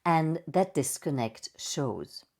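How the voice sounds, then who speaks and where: A woman voice coach giving a playful, expressive presentation with slides and vocal demonstrations. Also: low-pitched, slow pace, slight background noise. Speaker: voice and speaking coach.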